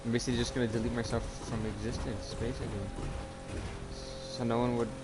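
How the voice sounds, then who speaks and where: A man talking casually in a personal vlog, halting and rambling with many restarts, earnest and confessional. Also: mid-range voice, flat delivery. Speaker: YouTuber. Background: music playing.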